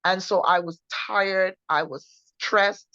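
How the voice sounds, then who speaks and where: A woman sharing her personal testimony in an earnest, halting way, often repeating herself and restarting. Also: medium pitch, steady tone, bright, forceful tone, no room sound. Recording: dull lo-fi recording.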